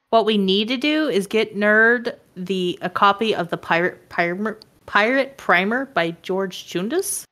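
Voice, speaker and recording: Slow-talking, lively-pitched woman co-host. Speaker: podcast co-host. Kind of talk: casual podcast banter.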